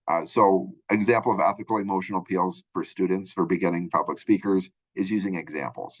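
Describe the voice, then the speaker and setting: A man's voice: sits low, dull audio. A male college instructor giving a recorded lecture, explaining in a rambling way with many fillers and restarts.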